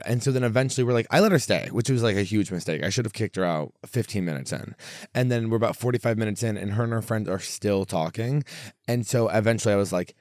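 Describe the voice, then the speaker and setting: A man's voice: on the low side, quick pace, no room sound, clean studio sound. A young man who hosts a comedy podcast, telling stories in a loose, rambling way full of fillers and restarts. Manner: rambling, animated, lots of fillers and self-interruptions. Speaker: podcast host and stand-up comedian. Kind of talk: casual storytelling chat.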